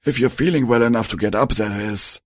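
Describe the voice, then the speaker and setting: A man voicing a calm, kindly male pony doctor. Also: medium pitch, a little fast, dry recording, studio quality, lightly acted. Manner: calm, reassuring.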